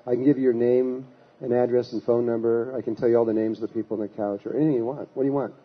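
A calm, sure young psychic girl who offers to tell anything, spoken by a man in his own husky voice. The voice sits in a middling pitch. The recording sounds dull and lo-fi. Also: rapid-fire, natural voice. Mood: matter-of-fact.

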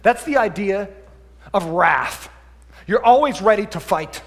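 A man preaching a sermon as pastor, lively and conversational, swinging between quiet asides and loud emphatic bursts. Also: high-pitched, measured pace, in a large hall. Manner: animated preaching, drops to a quiet voice for acted asides then climbs loud. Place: church sanctuary.

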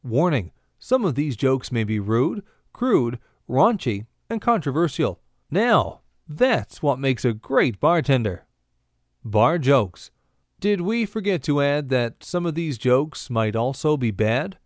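A man's voice: mid-range voice, sing-song, slow pace, dry recording, studio quality. Man reading bar tricks and jokes. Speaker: bartending instructor. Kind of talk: scripted instructional narration.

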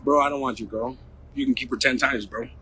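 A man delivering a profane, insulting livestream rant in fast bursts. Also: mid-range voice, fairly even intonation, sharp tone, a little hiss or hum.

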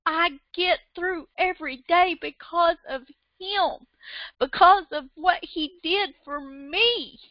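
A high-voiced woman preaching a sermon, unhurried and fervent, her emotion building into repeated praises. The sound is dry and close, and the recording is dull and lo-fi. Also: no echo.

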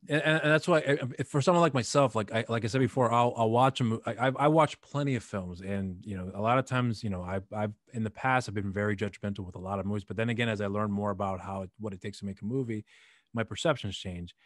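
Fast-talking deep-voiced man hosting. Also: dry recording, studio quality. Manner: fast, repeats words and restarts, earnest. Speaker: host. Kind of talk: casual interview.

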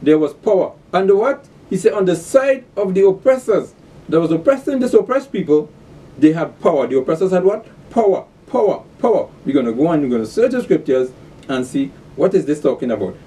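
A man teaching a scripture class in a fairly high, mellow voice. He reads verses slowly, then drives the point home by repeating words and throwing out rhetorical questions. The sound is a bit distant, as if he sits back from the mic. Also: sing-song.

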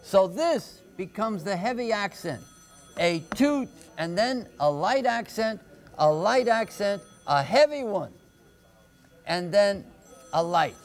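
A man tutoring on a live call-in homework show, explaining poetry slowly and patiently, step by step. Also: high voice. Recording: telephone-era broadcast.

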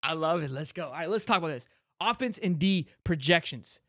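A brash man hosting a sports podcast, talking in a fairly high voice with loose fan energy, swearing and stumbling over his own restarts. The sound is dry and close to the mic. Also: expressive, a little fast, bright, forceful tone, dry recording. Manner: brash hype talk, swears, lots of "like" and restarts. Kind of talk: fired-up fan commentary, casual chat.

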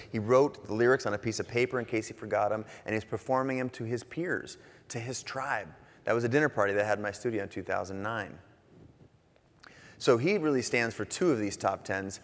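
A man speaking from a conference stage in a relaxed, joking way, with sudden bursts of energy. His voice sits at a middle pitch. A long hall reverb trails every phrase. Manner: casual, animated, jokey, swears now and then. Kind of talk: conference talk.

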